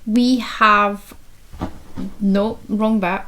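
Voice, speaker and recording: Woman, podcast co-host, slow and deadpan, casual chat. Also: medium pitch, slight background noise.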